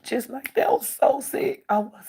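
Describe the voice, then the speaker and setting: Husky gravelly woman telling an emotional story. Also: sing-song, normal speed, warm tone. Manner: emotional, repeats phrases, voice climbing high when upset. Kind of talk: personal story told to camera.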